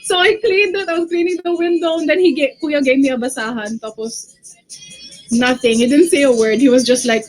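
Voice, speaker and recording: A young woman with a Filipino accent, telling a story to her livestream viewers in animated Taglish and calling them bestie. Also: high voice, brisk, soft background music, poor audio. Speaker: livestream personality.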